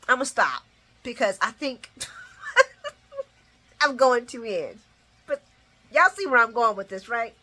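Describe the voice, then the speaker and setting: A woman's voice: fairly high pitch, sing-song, slow, long pauses, bright, forceful tone. A woman hosting a casual soap opera recap, talking animatedly, laughing and acting out the characters' lines with slang. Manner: uses casual slang and swearing.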